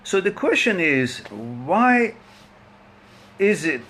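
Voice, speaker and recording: Male host, unhurried and chatty, forceful bright tone, laughs a lot. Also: high voice, big pitch swings, a little hiss or hum. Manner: chatty, laughs often, rambling. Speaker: host of a live online talk. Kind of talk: casual chat greeting viewers by name.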